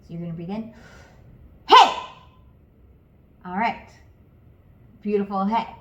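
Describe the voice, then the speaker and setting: A woman's voice: mid-range voice, normal speed, dull audio. Encouraging woman singing teacher, roomy sound. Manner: calm, encouraging step-by-step coaching with demonstrations. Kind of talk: guided vocal lesson.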